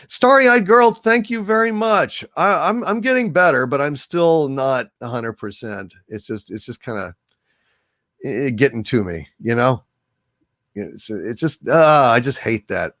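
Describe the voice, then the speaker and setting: A man hosting a casual livestream, thanking viewers by name in a soft, halting way. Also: medium pitch, expressive, dry recording, clean studio sound. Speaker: livestream host. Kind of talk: casual livestream chat, reading viewer donations.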